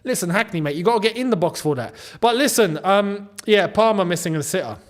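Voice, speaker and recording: High-voiced and talking a little fast, a young man runs a live football watchalong. He's animated, reacting to every play with exclamations and chiding the players as though they could hear him.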